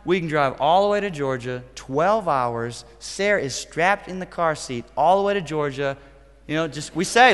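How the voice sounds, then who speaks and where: A middle-aged man, a pastor, preaching a sermon in an emphatic, punchy way with sudden loud bursts. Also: on the high side, expressive, a little slow, slight background noise. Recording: long reverb of a church hall.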